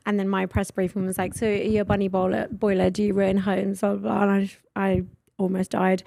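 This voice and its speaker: A young woman, hosting a podcast and telling stories in an animated, sweary way. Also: fairly high pitch, no echo, clean studio sound. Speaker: podcast host. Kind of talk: casual chat.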